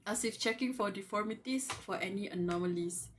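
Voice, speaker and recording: Her mid-range voice moves a little fast as she reads the web novel live with faint hiss or hum in the background. Fangirl squeals, laughter, and gushing interrupt the text as she thinks aloud and chats with the characters.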